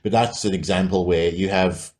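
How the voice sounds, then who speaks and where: A man with a very low voice co-hosting a casual chat show. He lays out his points in a thoughtful, explanatory way. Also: steady tone, moderate pace, darkish tone. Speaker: podcast co-host. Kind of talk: casual podcast discussion.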